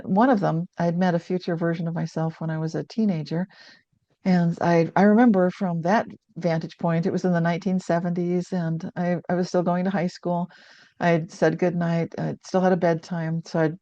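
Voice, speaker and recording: Older woman, dark lo-fi voice. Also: on the low side, dry recording. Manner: earnest, reflective, with frequent restarts. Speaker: guest author. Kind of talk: conversational storytelling. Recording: dull lo-fi sound.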